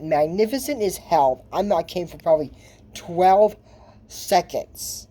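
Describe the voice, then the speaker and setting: A man talks his way through a cartoon recap in a loose, rambling way, trailing off into asides. His voice is mellow and warm, and a faint hiss sits under the recording. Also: high-pitched, moderate pace. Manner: rambling, chatty, full of asides and fillers. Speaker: video host recapping a cartoon episode. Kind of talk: casual commentary.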